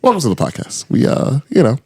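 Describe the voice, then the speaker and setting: A man's voice: mid-range voice, huge pitch swings, a little fast, husky. A man hosting a casual podcast, rambling loosely, swearing freely and laughing often. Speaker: podcast host.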